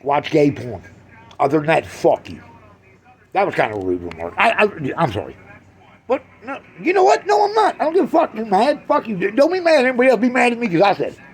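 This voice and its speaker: A man doing a crude, brash stand-up routine on a club stage, swinging from loud jabs to low mutters. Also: big pitch swings, brisk, breathy edge. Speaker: stand-up comedian.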